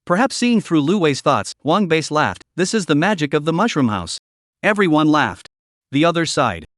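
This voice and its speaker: A man reads a story recap as scripted narration at a moderate pace, his fairly bright voice pitched a little above the usual male range. His delivery is sing-song, with pitch moving a lot from phrase to phrase. The sound is close and dry, with no room sound at all.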